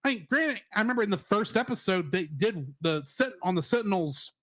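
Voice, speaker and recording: A man co-hosts a relaxed review podcast with a higher voice that leaps around expressively. He jokes and laughs through his points. The recording is dry and close, with no room sound. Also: brisk, no echo. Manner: animated, joking, laughs often. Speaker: podcast co-host. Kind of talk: casual review chat.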